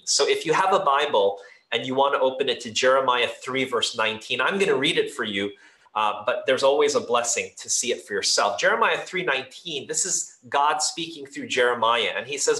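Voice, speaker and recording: A man's voice: medium pitch, fairly quick, sharp tone. A man preaching a sermon as a pastor, talking in an earnest, conversational way with loose fillers and restarts, in a church hall. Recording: echoey room.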